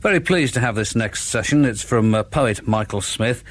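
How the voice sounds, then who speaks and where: A man in his forties, a radio DJ introducing records in a dry, unhurried way, with frequent "uh" pauses. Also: medium pitch, lively intonation. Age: 40s. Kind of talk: radio show links between records.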